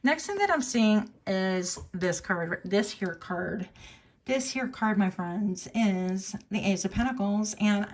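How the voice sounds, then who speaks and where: A woman giving a casual tarot reading, chatty and musing aloud with fillers and self-corrections, now and then jumping into a high voice to quote people. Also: lively intonation, takes it slowly, hardly any pauses. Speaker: tarot reader.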